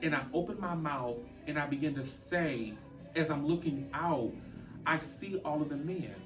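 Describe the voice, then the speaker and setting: A man telling a deeply personal story as a podcast guest, speaking earnestly with halting restarts. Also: reverberant, far from the mic, soft background music, rough recording.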